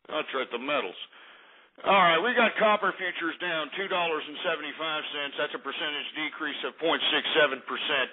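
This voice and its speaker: A man's voice: on the high side, a little fast, slightly rough. A man hosting a talk radio show, ranting angrily and profanely while reading market prices. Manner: angry, profane, repetitive ranting. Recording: tinny phone-like lo-fi line.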